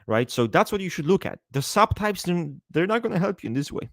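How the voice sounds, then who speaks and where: A man's voice: high-pitched, sing-song, fairly quick, a bit bright, no room sound, studio quality. Swearing man chatting on a livestream. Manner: profane, joking, reads out viewer names. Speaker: livestream host. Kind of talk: casual livestream chat.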